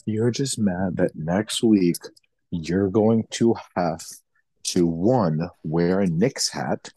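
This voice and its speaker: A man's voice: deep voice, takes it slowly, dark tone, slightly rough, no room sound. A young man co-hosting a casual sports podcast, teasing and swearing, repeating names to grab attention. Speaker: podcast co-host.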